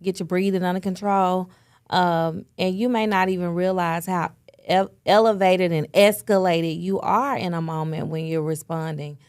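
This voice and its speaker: A woman's voice: fairly low pitch, fairly even intonation, moderate pace, darkish tone, clear, resonant tone. A middle-aged woman co-hosting a faith podcast, talking thoughtfully and with conviction about parenting. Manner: reflective, speaks of parenting with conviction. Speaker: podcast co-host. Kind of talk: casual faith and parenting chat.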